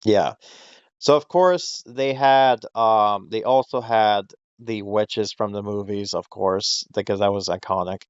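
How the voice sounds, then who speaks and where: A man's voice: lowish voice, a little slow, clear, resonant tone, dry recording, muffled recording. Rambling, swearing man on a podcast. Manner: rambling, swears freely, laughs often, acts out quotes. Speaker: podcast host. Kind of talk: casual podcast chat.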